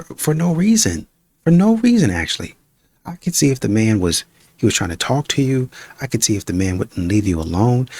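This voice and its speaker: A man's voice: on the low side, no room sound. A man casually joking and rambling while reacting to clips. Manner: laid-back, joking, rambling. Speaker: reaction commentator.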